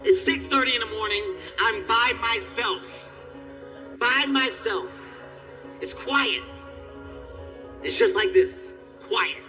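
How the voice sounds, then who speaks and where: Stand-up comic, male; high sharp voice, animated and profane, leaps into excited yelps. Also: takes it slowly, pauses often, in a large hall, soft background music. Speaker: stand-up comedian. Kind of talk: stand-up comedy storytelling. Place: stage before a live audience.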